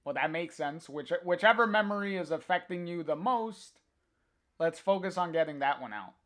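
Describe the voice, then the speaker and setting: A man casually reading a comic aloud on a livestream, halting with many fillers and chuckling to chat. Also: a little high, lively intonation, a bit bright.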